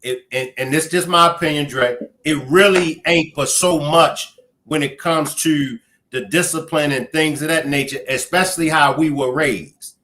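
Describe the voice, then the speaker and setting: A man's voice: fairly high pitch, moderate pace, pushed and bright. A man hosting a casual live-stream talk, asking direct, pressing questions. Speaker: talk show host.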